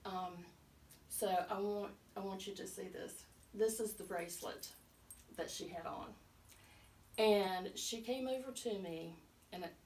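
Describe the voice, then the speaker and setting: A woman's voice: mid-range voice, darkish tone, a little hiss or hum. A middle-aged woman, a guest telling her personal story in a casual chat, earnest and emotional, with many fillers. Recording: roomy, from a distance, faint ambience.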